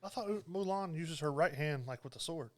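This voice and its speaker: A man co-hosting a casual podcast who disputes the quiz answers and argues his case. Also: fairly high pitch. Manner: argumentative, quick to dispute answers. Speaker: podcast co-host.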